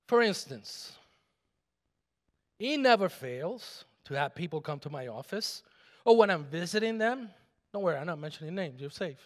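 A middle-aged man pastor preaching a sermon, swinging from loud shouted declarations to quiet asides and calling on the congregation to answer back. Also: fairly high pitch, lively intonation, normal speed. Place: large church sanctuary. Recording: long hall reverb in a church.

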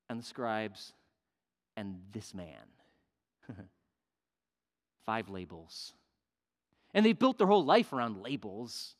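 A male pastor preaching a sermon, emphatic, swinging between loud declarations and hushed asides. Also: medium pitch. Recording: long reverb of a large hall.

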